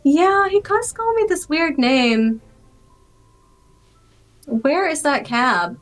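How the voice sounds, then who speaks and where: High-pitched woman playing a tabletop game. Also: sing-song, takes it slowly, faint music behind. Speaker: player. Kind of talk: in-character tabletop role-play.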